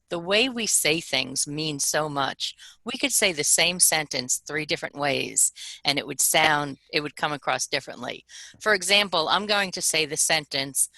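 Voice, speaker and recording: A woman's voice: deep voice, vocal fry, sharp tone, dry recording, low-quality recording. A woman co-presenting a webinar workshop, talking in a demonstrative way and acting out voice examples for her audience.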